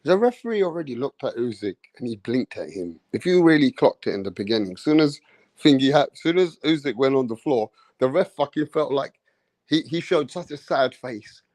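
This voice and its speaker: A man giving a profane, slangy, animated rant as a boxing commentator on a live stream. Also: mid-range voice, normal speed, no echo.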